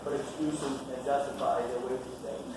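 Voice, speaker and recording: A man poses a question in a flat, even voice, setting it out one part at a time. He is heard from far off in a very echoey hall with a clear hiss behind him. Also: medium pitch, a little fast. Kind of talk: asking a question.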